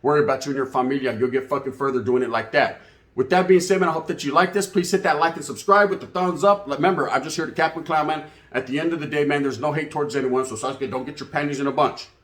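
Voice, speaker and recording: A man's voice: a little high, quick pace, a bit bright, reverberant. A man telling a casual story to his channel's viewers in profane, slangy street talk. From California. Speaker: YouTube channel host.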